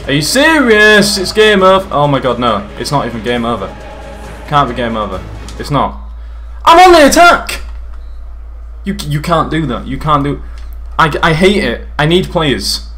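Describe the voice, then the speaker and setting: Commentating on his own football game for YouTube, a young man speaks at a medium pitch in a casual, excitable way, cursing and shouting at what happens on screen.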